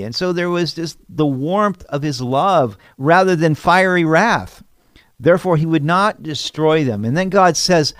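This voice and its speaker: A man's voice: on the high side, moderate pace, no echo. A man, a pastor, reading scripture aloud and then explaining each verse in plain words. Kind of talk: Bible teaching devotional.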